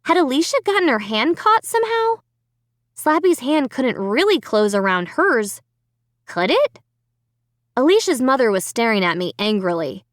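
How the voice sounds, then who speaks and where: A woman reads a children's horror story in first person, with a fairly high voice that rises and falls a lot. The sound is dry and close to the microphone, with no room around it. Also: moderate pace, no room sound. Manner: expressive dramatic reading. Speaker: audiobook narrator. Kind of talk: scripted first-person narration.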